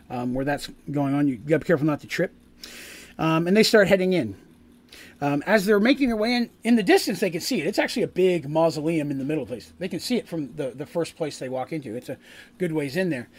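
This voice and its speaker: Rambling game master man, higher voice. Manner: rambling, with many fillers and restarts; rises in pitch and volume for dramatic scene-setting. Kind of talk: narrating a tabletop game.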